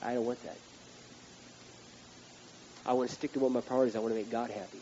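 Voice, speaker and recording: A male preacher giving a blunt, emphatic sermon that rises to loud outbursts. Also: medium pitch, steady tone, fast. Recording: dull recording with background hiss.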